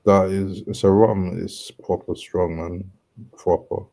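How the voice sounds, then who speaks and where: A man's voice: low-pitched, flat delivery, slow, warm tone. A man chatting casually on a stream, laid-back and slangy. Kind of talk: casual chat.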